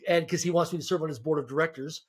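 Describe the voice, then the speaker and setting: A man speaking as a podcast guest, giving emphatic motivational advice, often repeating words and stacking points in quick lists. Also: a little high, steady tone, slightly rough. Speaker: guest entrepreneur.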